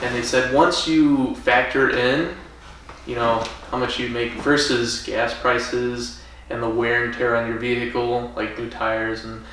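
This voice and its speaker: A man's voice: medium pitch, level tone, unhurried, a bit bright, very echoey, distant mic, a little hiss or hum, rough recording. A man co-hosting a casual podcast over drinks, joking and laughing often. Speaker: podcast co-host. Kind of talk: casual chat while drinking.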